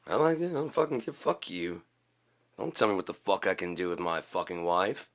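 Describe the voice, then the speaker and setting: A man's voice: very animated, quick pace. Swearing, ranting male vlogger. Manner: swings between loud shouting and low muttering, heavy swearing. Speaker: channel host. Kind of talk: profane political rant to camera.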